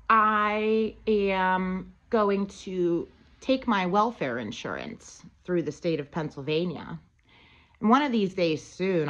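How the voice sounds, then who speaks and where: A woman's voice: fairly low pitch, dull audio. A woman vlogger telling a long, profane, rambling story in casual chat, recorded on a phone. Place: Pennsylvania.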